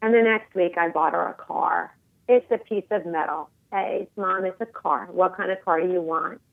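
A woman's voice: on the low side, fairly even intonation, normal speed, vocal fry, no room sound. Woman in her forties on a tinny phone line. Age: 40s. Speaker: interview guest. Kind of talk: phone interview.

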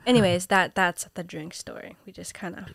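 A woman's voice: lowish voice, steady tone, fairly quick, creaky, no echo. A young woman in casual chat, telling a story animatedly and dropping to a whisper for quoted lines.

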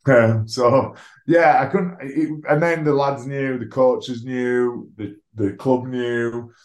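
Speaking slowly in a steady, mid-range voice, a rugby league player tells his own story on a podcast. His manner is candid and conversational, frank and self-deprecating, with plenty of swearing. The room adds a noticeable echo.

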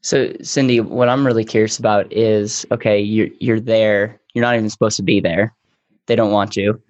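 A man hosting an interview, asking curious questions with halting restarts. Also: on the low side, level tone, dry recording, highs cut off. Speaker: podcast interviewer.

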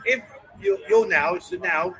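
A man's voice: high-pitched, unhurried, sharp tone, faint music behind, rough recording. A man hosting a casual live stream from a bar, chatty and jokey, calling people mate and darling. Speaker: host.

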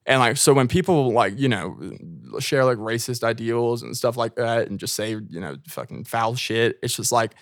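A man's voice: mid-range voice, moderate pace, few pauses, no room sound, clean studio sound. A young American man talking casually as a podcast guest, rambling with lots of filler words and swearing. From United States.

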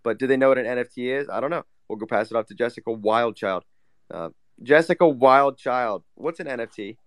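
A man's voice: medium pitch, a little fast, dry recording, clean studio sound. A man hosting a casual online talk, laid-back and joking as he passes the mic to guests. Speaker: host. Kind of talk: casual chat.

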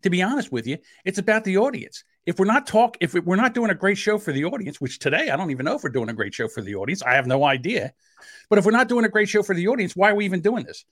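A man with a South Jersey accent co-hosts a podcast in a casual, argumentative way. He gets defensive fast and pushes his pitch up when he presses a point. The sound is dry and close, with no room around it. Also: sing-song, a bit bright, no echo. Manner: defensive, heated, quick to rise in pitch; admits a short temper. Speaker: podcast co-host.

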